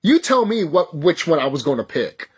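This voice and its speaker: A man in his thirties talking casually in a vlog, excitable and rambling, swearing often and stumbling over his words when he gets worked up. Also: a little high, normal speed, husky. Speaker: YouTuber. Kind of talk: casual nostalgic vlog talk.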